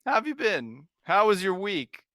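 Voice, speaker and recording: A man co-hosting a game stream, improvising a bit in a deadpan, oblivious manner. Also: high-pitched, measured pace, no room sound, studio quality. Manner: deadpan, playing an oblivious character. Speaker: stream co-host. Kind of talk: improvised comedy banter.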